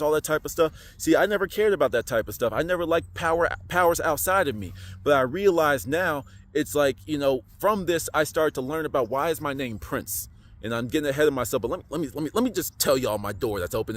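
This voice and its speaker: A man giving a casual, slangy spiritual monologue into his phone, animated and preachy. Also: a little high. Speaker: spiritual vlogger.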